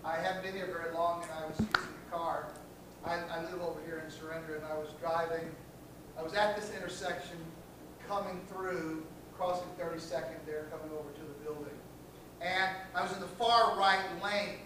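A man with a high voice gives a classroom lecture, leaning hard on key phrases and quizzing his students as he goes. He is recorded from far off in a very echoey room, with noise underneath. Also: fairly even intonation, moderate pace. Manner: emphatic, repeats key phrases, asks the class questions. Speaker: teacher of a class.

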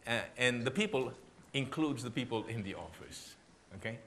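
A middle-aged pastor, preaching in an animated, humorous way and laughing often. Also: male voice, mid-range voice, moderate pace, a little hiss or hum. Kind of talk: sermon talk with humor.

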